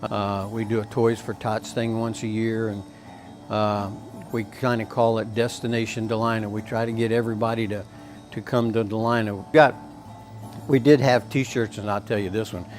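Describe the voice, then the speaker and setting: A man's voice: on the low side, flat delivery, brisk, faint music behind. Folksy Tennessee man spinning yarns. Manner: folksy and rambling, with many fillers. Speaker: country store owner. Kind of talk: casual storytelling.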